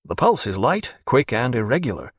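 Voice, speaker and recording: A man's voice: mid-range voice, sing-song, moderate pace, husky, dry recording, studio quality. A man doing a courteous naval officer. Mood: earnest. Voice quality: courteous, formal phrasing. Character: polite, keen naval officer chess player.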